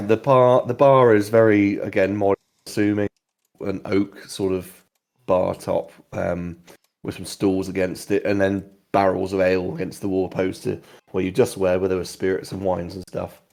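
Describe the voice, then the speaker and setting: A man narrating as game master of a tabletop game, rambling and halting with many ums. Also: sits low, monotone, creaky, mellow.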